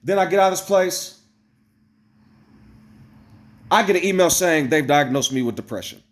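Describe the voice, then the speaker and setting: A man telling a story straight to his viewers in a casual, blunt, profane rant, swinging between loud exclamations and low asides. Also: lively intonation, fast. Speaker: vlogger. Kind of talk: casual ranting storytelling to camera.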